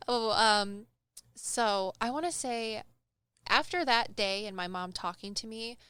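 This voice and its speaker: Clear-voiced young woman telling stories. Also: on the high side, a little slow, dry recording. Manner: animated, acts out quoted voices, laughs often. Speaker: medium telling stories on a podcast. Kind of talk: casual storytelling.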